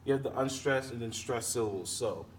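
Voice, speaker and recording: A male teacher with a medium-pitched voice explains poetry meter slowly and patiently, halting and correcting himself along the way. He's recorded from a distance, sounding set back from the mic, with a faint background hiss.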